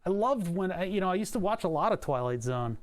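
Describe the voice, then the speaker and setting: A man's voice: sits high, expressive, quick pace. Man muttering through a coding livestream. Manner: muttering to himself, swearing, chuckling. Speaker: streamer. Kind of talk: livestream electronics and coding commentary.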